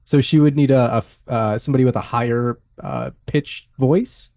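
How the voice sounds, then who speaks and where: A man voicing a loud, helpful female adventurer who speaks up haltingly on a friend's behalf, in a tabletop game. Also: medium pitch, close to an everyday voice. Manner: loud, halting, stumbling over words.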